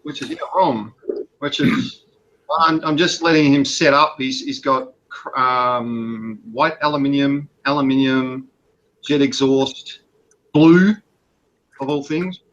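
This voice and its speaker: A man on an online hobby call, explaining his technique eagerly with quick stumbles and repeated restarts. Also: medium pitch, a bit bright, muffled recording. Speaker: guest modeler. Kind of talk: casual video-call chat. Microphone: video call.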